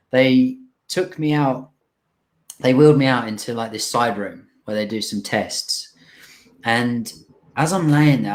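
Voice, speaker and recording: Heartfelt and emotional, a young interview guest recounts something personal, frequently stopping and restarting as he goes. He speaks at a medium pitch.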